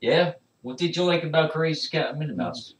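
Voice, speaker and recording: Guy hosting a goofy comedy bit, teasing and rapid-fire, kinda high voice, echoey room and far from the mic. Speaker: comedy show host. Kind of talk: improvised comedy banter.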